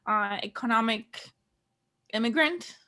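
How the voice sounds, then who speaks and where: A woman's voice: a little high, a little slow, a crowd in the background. A young woman from Greece chatting casually on a podcast, telling a story with lots of fillers and laughs. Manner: storytelling with many likes and laughs. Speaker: podcast co-host. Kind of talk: casual chat.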